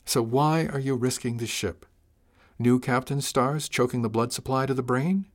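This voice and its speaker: A man's voice: medium pitch, normal speed, natural voice. A man voicing a blunt but caring female ship's chief engineer, speaking frankly and practically in an audiobook. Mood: questioning. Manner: frank, practical, gently worried. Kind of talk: audiobook character voice.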